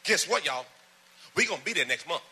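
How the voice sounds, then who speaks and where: A man with a high, very bright and forceful voice preaches to his church. He pulls the congregation into call-and-response, climbs to loud, fervent emphasis, then drops back into easy storytelling asides. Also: lively intonation, a little fast, a little hiss or hum. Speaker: pastor.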